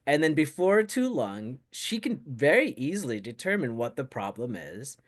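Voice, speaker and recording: Rambling, reflective man with a lively voice. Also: mid-range voice, normal speed. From United States. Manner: rambling, reflective, lots of fillers. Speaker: co-host of a Buddhist talk show. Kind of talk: casual chat.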